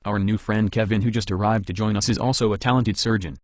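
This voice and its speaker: A man's voice: lowish voice, fairly even intonation, quick pace, lightly acted. A man voicing a courteous male leader who speaks formally and praises others.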